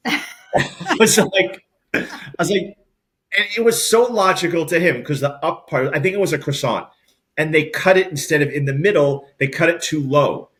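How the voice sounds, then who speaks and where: A middle-aged man with a New York accent, a podcast co-host rambling through animated stories in casual chat. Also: fairly high pitch, moderate pace. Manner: rambling, animated storyteller with many restarts.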